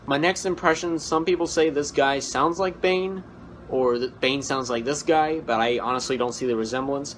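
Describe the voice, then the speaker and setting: A man introduces his own string of impressions in a brisk, upbeat announcing tone. His voice sits mid-range, with a light hiss behind it. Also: mid-range voice. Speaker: comedic impressionist.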